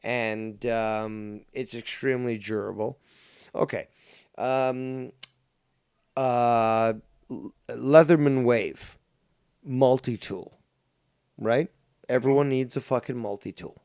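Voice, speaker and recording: A man's voice: medium pitch, steady tone, takes it slowly, pauses often, a little mellow, clear, resonant tone, dry recording, clean studio sound. A man with a Canadian accent, a podcast guest rambling through casual chat with plenty of ums, restarts and the odd swear.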